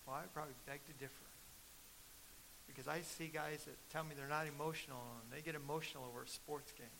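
A middle-aged man preaching a sermon as pastor, telling stories and building to loud, emphatic peaks. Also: fairly high pitch, steady tone, fast, gravelly, background noise.

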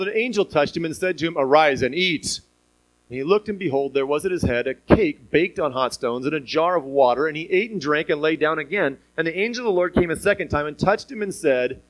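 A man with a somewhat high voice preaches a sermon. His delivery is animated and conversational, full of rhetorical questions and light chuckles. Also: poor audio.

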